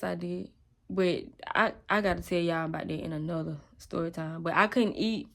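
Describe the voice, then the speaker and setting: A woman's voice: medium pitch, a bit bright. Young woman, raw emotional storytime to the camera, mid voice. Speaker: vlogger. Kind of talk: personal testimony storytelling.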